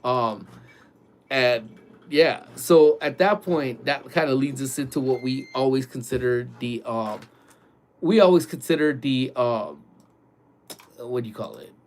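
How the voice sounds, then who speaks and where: A man vlogging from his workplace early in the morning, telling a ghost story in a loose, animated way full of "like" and "dude". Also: mid-range voice, unhurried. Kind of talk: casual storytelling.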